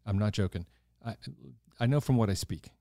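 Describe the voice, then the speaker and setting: A man hosting a podcast, telling stories in a gushing, animated casual chat. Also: fairly low pitch, brisk, no echo, clean studio sound. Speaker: podcast host.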